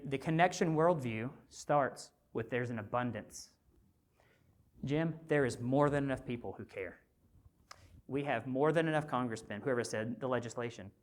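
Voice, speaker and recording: A male physician giving a motivational conference talk, conversational and animated, often asking the audience rhetorical questions. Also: mid-range voice. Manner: animated storyteller. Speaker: physician and speaker at a health summit.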